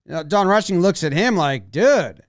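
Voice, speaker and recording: A man commenting on baseball footage in a playful, lively way, acting out what players might be saying. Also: high voice, moderate pace, no echo, clean studio sound. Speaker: baseball video analyst. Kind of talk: animated commentary over game footage.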